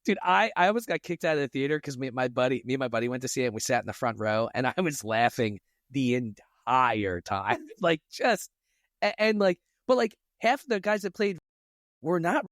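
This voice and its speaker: A man co-hosting a podcast, telling a story in an animated way and slipping into voices. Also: medium pitch, brisk, no room sound, studio quality. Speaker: podcast co-host. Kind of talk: casual storytelling chat.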